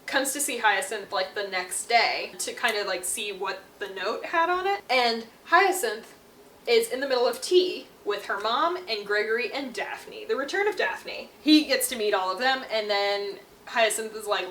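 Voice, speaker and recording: A woman's voice: on the high side, lively intonation, normal speed, a bit bright, reverberant, slight background noise. Playful, slangy young woman recapping books. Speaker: book reviewer. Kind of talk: casual book recap.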